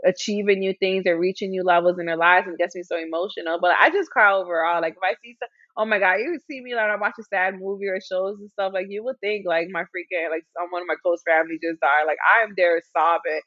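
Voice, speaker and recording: A woman's voice: on the low side, fast talker, no echo. Chatty woman guest with dull sound. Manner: chatty, laughing, many fillers. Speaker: podcast guest, company founder. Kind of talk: casual chat.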